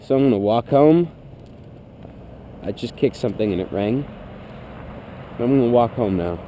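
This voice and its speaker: A man's voice: mid-range voice, expressive, normal speed, mellow. A teenage boy vlogging as he walks home at night, rambling in a sarcastic tone, recorded on a head-mounted camera. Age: teens. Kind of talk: casual vlog monologue. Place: outdoors at night, suburban streets. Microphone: head-mounted action camera. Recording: noisy outdoor action-cam audio.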